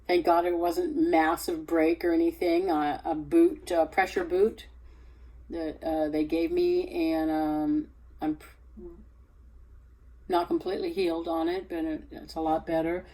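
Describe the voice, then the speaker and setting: A woman sharing a personal faith testimony, halting and hesitant with many fillers, growing more animated when she retells scripture. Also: poor audio. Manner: rises in pitch and energy when retelling scripture.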